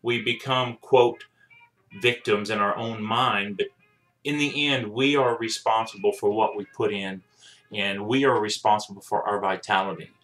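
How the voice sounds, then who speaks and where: A man's voice: fairly low pitch, steady tone, normal speed, a bit bright, faint music behind. A man in his forties recording a heartfelt video message at home, speaking earnestly and pleading with his family. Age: 40s. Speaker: vlogger sharing a diet journey.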